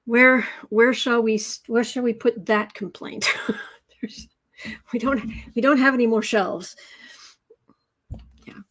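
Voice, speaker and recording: Speaking slowly with long pauses, this tarot livestream host has a fairly high, somewhat bright voice and fairly even intonation. She's an American woman who reads out viewer comments in a chatty, sarcastic way, adding mocking remarks.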